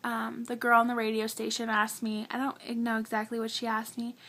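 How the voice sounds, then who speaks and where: Speaking fairly quickly in a fairly high, somewhat bright voice with a completely flat delivery, a young adult woman vlogs about her own experience. She's earnest and talkative, full of "like," and becomes emotional, nearly in tears.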